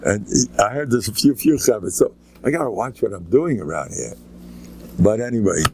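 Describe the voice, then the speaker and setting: A man's voice: on the low side, lively intonation, moderate pace, a little mellow, slight background noise. An older man, a rabbi giving an informal lecture, telling stories with joking asides and rambling restarts. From United States. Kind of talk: informal Torah lecture with anecdotes.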